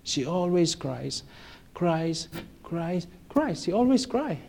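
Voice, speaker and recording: Middle-aged man, slightly high voice, lively church testimony teller, repeats himself, laughs as he talks. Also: slow, vocal fry. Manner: animated, repeats phrases, laughs between lines. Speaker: church speaker telling a testimony. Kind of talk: personal testimony storytelling.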